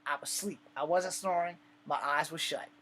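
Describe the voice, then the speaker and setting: A man's voice: fairly high pitch, steady tone, moderate pace, sharp tone, slight background noise. Laid-back, profane male storyteller. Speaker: army veteran storyteller. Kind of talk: casual storytelling vlog.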